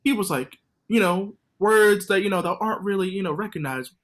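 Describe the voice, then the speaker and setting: A man hosting a casual interview over a video call, an animated storyteller who uses a lot of slang. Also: high voice, brisk. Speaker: interviewer and podcast host.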